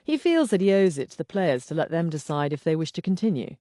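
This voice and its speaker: A woman reading the lines of a suave, teasing husband in an audiobook, in a dry, unhurried manner. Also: on the low side, very animated, warm tone, dry recording. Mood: matter-of-fact. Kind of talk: audiobook dialogue.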